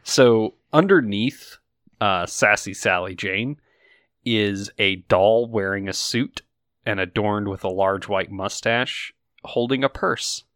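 Slow, low-voiced game master. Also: male voice, fairly bright tone, no echo, clean studio sound. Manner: slow, drawn-out storytelling. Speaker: game master and podcast host. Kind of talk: narrating a tabletop game.

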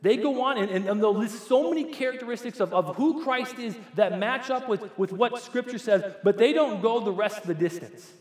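A man's voice: very high voice, normal speed, few pauses. A man in his forties, a pastor preaching a sermon in a church, talking conversationally and putting questions straight to the congregation. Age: 40s. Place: church sanctuary. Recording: echoey church hall with long reverb.

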